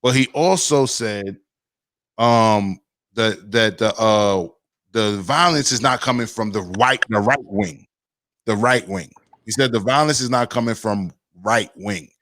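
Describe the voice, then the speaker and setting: A man's voice: lowish voice, measured pace, no room sound. A man hosting a casual podcast rant, reading out chat comments and firing off rhetorical questions. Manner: animated, fires off rhetorical questions. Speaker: podcast host.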